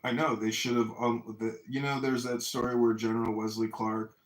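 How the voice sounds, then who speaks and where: A man's voice: mid-range voice, flat delivery, normal speed, roomy sound. A man in heated casual debate, swearing often and speaking emphatically, with a mocking edge.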